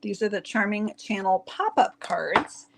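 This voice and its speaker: A woman hosting a casual card-making tutorial, chatty and quick to laugh as she talks straight to her viewers. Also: mid-range voice, expressive, creaky, very noisy. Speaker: craft channel host.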